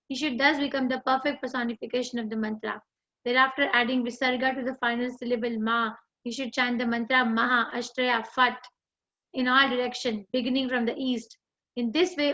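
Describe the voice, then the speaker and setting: A woman with an Indian English accent, teaching an online class and reading scripture in a measured, deliberate way. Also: on the high side, sharp tone. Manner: measured, deliberate recitation with chanted mantras. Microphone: video call. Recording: dull lo-fi online call audio.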